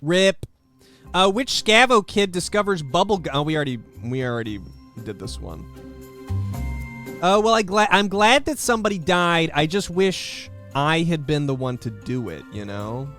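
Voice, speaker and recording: A young man streaming a game, giving live commentary with sarcastic, deadpan jokes. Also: on the high side, moderate pace, faint music behind.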